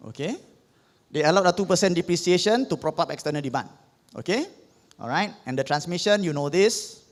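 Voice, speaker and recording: Brisk and expressive, a Singaporean-accented economics tutor with a voice on the high side leads a revision lecture. He explains things step by step and tags most points with "okay?" The sound has a long hall reverb.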